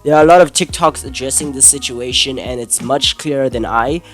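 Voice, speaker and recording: A man's voice: mid-range voice, a little fast, fairly bright tone, soft background music. A young man giving an angry, exasperated, swearing commentary rant. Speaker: commentary YouTuber. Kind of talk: ranting video commentary.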